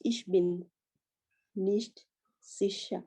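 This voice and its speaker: A woman student answers in a language class, hesitant and unsure of herself. Her voice is very dark and mellow, and she speaks slowly. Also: mid-range voice, steady tone, husky.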